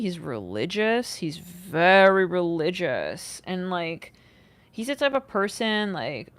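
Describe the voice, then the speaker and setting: A young woman giving a casual livestream tarot reading, talking in an animated way with lots of "like", swearing and sudden outbursts. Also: on the low side. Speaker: tarot reader.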